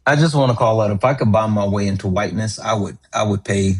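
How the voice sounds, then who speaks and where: A man's voice: lowish voice, quick pace, husky. A man co-hosting a podcast, joking wryly in casual chat. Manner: joking and wry. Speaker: podcast co-host.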